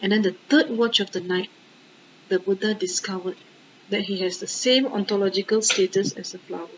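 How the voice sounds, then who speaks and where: A woman, a Buddhist nun and teacher, gives a dharma talk in an animated way, full of rhetorical questions and exclamations and often checking in with her listeners. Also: medium pitch, normal speed, dull audio, slight background noise.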